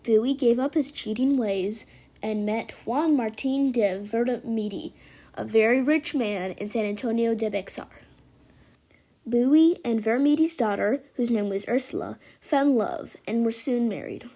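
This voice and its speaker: A woman lively narrates a homemade stop-motion history movie, moving back and forth between telling the story and voicing the characters' lines. Her pitch is fairly high and her pace measured.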